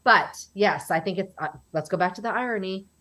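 Speaking in a mid-range voice that sounds pushed and bright, this US woman in her forties talks fairly quickly. She's an animated interview guest in a casual chat, performing other people's lines as she recounts them.

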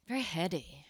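A woman's voice: on the low side, slightly rough, dry recording, studio quality. A young woman co-hosting a podcast, chatting casually and telling anecdotes with frequent laughter. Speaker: podcast co-host. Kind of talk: casual chat, storytelling.

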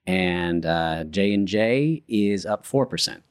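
A very deep-voiced man speaking in a measured, informative way, his intonation still moving a lot. The sound is dry and close, with no room echo. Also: expressive, smooth. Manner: measured, informative, reading out facts. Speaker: podcast guest. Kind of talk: casual chat.

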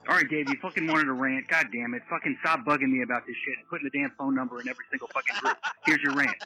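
A man leaving an angry, profane voicemail rant, shouting at times. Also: mid-range voice, very fast, hardly any pauses, husky, dry recording, low-quality recording. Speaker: caller.

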